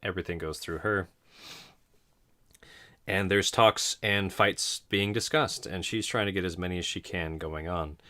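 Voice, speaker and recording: A man's voice: sits low, unhurried, sharp tone. A man narrating a tabletop game as game master, rambling with frequent laughs and stumbles over words.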